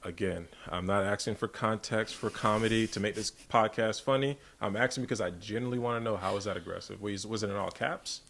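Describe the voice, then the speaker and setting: A man's voice: fairly low pitch, a little fast, gravelly, few pauses, fairly bright tone. A man co-hosting a casual podcast. He asks pointed questions and talks in a direct, profane way. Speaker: podcast co-host.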